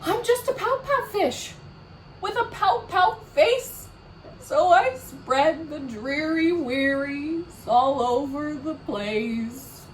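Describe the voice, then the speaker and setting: A mopey male fish from a storybook, sulky and dramatic in a drawn-out sing-song, as a woman puts him on. The voice sits fairly high and unhurried. It echoes in a room, caught from a distance. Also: a little hiss or hum. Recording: roomy echo from far off.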